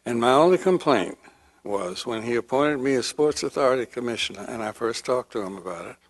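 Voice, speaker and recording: An older man speaks at a panel discussion in a performing arts center, recalling past dealings in a calm, measured storytelling voice. He pauses to clear his throat now and then, and his pitch sits in an ordinary middle range. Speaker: panel guest. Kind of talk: panel reminiscence.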